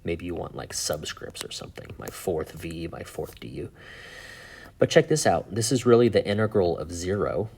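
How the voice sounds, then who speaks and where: A man teaching a math lesson in a relaxed, chatty way, thinking aloud with fillers and asides. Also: low-pitched, moderate pace, gravelly, breathy edge. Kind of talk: casual whiteboard lesson.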